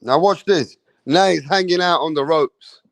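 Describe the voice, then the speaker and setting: Animated, profane man breaking down a fight. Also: a little high, moderate pace, vocal fry, dry recording. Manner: animated, profane, mocking, street slang. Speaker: boxing commentator. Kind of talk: live-stream fight breakdown.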